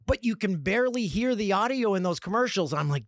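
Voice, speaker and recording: A man from Canada hosting a solo comedic podcast, talking in an animated, sarcastic way and slipping into mock voices. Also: sits high, brisk, dry recording, clean studio sound. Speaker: podcast host.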